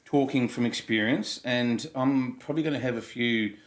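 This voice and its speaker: A man in his fifties, originally from Germany, co-hosting a podcast and telling stories in a blunt, animated way, swearing freely. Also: mid-range voice, normal speed. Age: 50s. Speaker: podcast co-host. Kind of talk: casual storytelling chat.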